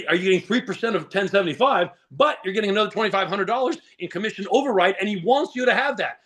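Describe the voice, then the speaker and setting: A man coaching real estate agents on a video call, making an emphatic, salesy pitch full of rhetorical questions. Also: fairly bright tone.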